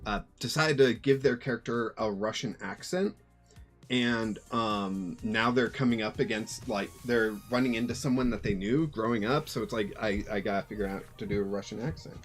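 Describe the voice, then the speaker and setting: A man's voice: lowish voice, moderate pace, soft background music. A man casually commentating his own online card game, muttering to himself and chuckling often. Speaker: streamer playing a card game.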